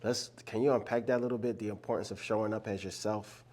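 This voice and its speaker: Philly host guy, low mellow voice, chill slangy, keeps saying right right. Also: steady tone, fast talker. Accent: Philadelphia. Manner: affirming, casual slang. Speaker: interview host. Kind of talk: casual interview.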